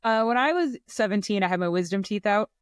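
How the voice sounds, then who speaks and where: A woman's voice: medium pitch, lively intonation, fairly quick, clear, resonant tone, no room sound, studio quality. A woman co-hosting a podcast, telling a story in casual chat and acting out the quotes with self-mocking humor. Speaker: podcast co-host.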